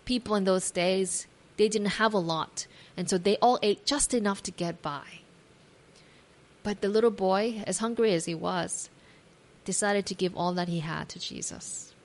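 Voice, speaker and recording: A woman giving a devotional talk, reading scripture aloud and retelling the story imaginatively with gentle asides to the listener. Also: medium pitch, normal speed. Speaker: devotional speaker.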